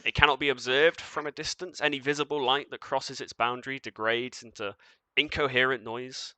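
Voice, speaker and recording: In a tabletop game, a man plays a being of shifting light, cold and commanding, speaking in formal, measured pronouncements. His natural, medium-pitched voice is steady, pushed and bright, with no echo.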